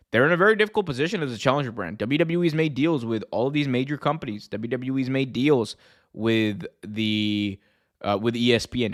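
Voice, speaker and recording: Brief: male podcast host, excitable casual chat, mid-range voice. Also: mid-range voice. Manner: excitable, heavy use of "like".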